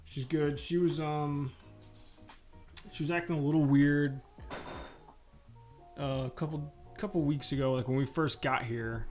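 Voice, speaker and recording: A man's voice: a little high, steady tone, a little slow, long pauses, darkish tone, faint music behind. Rambling, profane young-sounding man streaming casually. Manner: rambling and profane, lots of fillers. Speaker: comic artist streaming while drawing. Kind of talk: casual live-stream chat.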